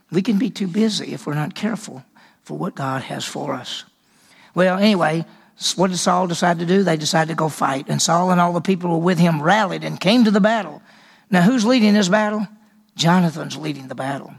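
A man's voice: high voice, moderate pace, creaky. A man teaching a Bible lesson as a sermon, telling the story with animation and acting out the characters' voices.

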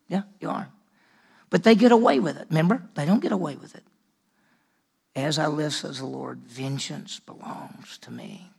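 Gravelly high-voiced man preaching. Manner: dramatic swings from loud emphasis to hushed near-whisper. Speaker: pastor. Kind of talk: sermon.

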